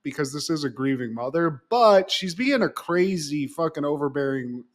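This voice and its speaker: A man's voice: fairly high pitch, expressive, moderate pace. A man co-hosting a casual recap podcast, swearing freely and acting out the characters' lines. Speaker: podcast co-host.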